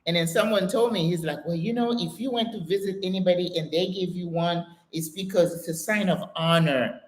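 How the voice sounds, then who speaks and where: An older American woman hosting a live question-and-answer stream, reading viewer comments aloud and telling stories in a chatty, animated way. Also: on the low side, fairly quick. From United States. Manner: chatty, animated storytelling with exclamations and laughter. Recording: echoey room sound.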